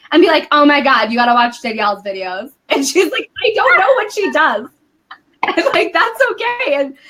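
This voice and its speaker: A woman guest in a casual podcast chat, telling stories in a chatty, animated way with lots of "like". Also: high-pitched. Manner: chatty, animated storytelling with frequent "like" and laughs.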